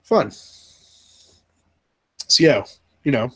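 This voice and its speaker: Excitable Southern man hosting. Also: mid-range voice, extremely slow, slightly rough, poor audio. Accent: Southern US, North Carolina. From southern North Carolina. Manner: excitable, laughs often, stumbles and restarts. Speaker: host. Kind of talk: casual live reaction chat.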